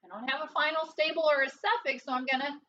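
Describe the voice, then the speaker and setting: A woman's voice: high-pitched, steady tone, fast talker, pushed and bright, distant mic, lo-fi sound, slight background noise. A woman teaching a recorded phonics lesson, explaining step by step in a patient, encouraging, sing-song way.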